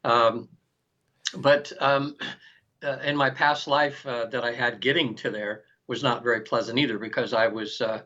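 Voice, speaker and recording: An animated man in his sixties, guesting on an interview show, tells a long personal story. His voice is bright and edged. He jumps into quoted lines and restarts his thoughts, and the recording sounds muffled and lo-fi. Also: medium pitch, a little slow. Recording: dull lo-fi recording.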